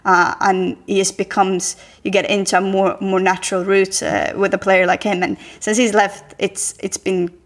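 A woman, a guest pundit on a football podcast, talking in a measured way with frequent fillers. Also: medium pitch, level tone. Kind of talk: casual football discussion.

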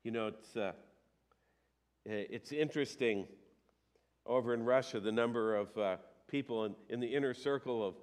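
A man's voice: mid-range voice, moderate pace, long pauses. A male pastor giving a sermon. He talks in a conversational way, with emphatic rises and some hesitations.

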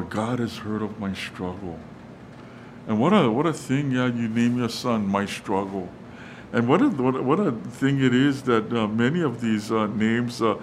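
Halting middle-pitched male preacher. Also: slight background noise, poor audio. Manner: halting, many fillers and restarts; reads verses and acts out quotes casually. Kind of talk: sermon on Scripture.

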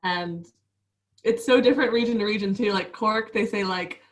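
A woman's voice: mid-range voice, normal speed, distant mic, poor audio. A woman in her twenties, a professional basketball player, chatting casually as an interview guest with many fillers and frequent laughs.

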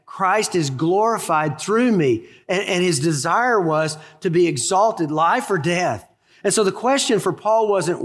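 High-voiced preacher in a reverberant hall. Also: male voice, fairly bright tone. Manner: emphatic, storytelling preacher, shifts between slow stress and quick asides. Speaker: pastor. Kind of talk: sermon.

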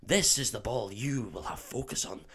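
A man doing a Scottish accent as an earnest young male Quidditch captain in a comic podcast recap, speaking in slow, solemn, mock-wise lines. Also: mid-range voice, a bit bright, breathy edge.

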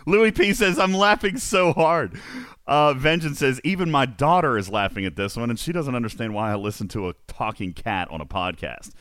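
A man's voice: mid-range voice, lively intonation, moderate pace, fairly bright tone, dry recording, clean studio sound. A man hosting a podcast, reading comedic news bits and chatting, often laughing through his own jokes. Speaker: podcast host.

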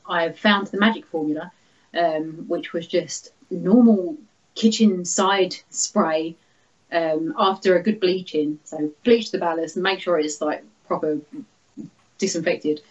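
A woman's voice: on the low side, steady tone, measured pace. Chatty woman, slightly muffled recording. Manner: chatty, laughs often, many fillers. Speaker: guest artist. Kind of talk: casual interview.

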